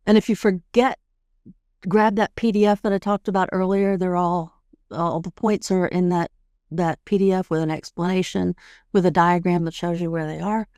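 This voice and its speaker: A middle-aged woman hosting a podcast, calmly guiding listeners step by step through a tapping routine and often checking in with "right?". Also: fairly low pitch, moderate pace, no echo, studio quality. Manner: calm, guiding, demonstrates steps. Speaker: podcast host and tapping coach. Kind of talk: instructional podcast talk.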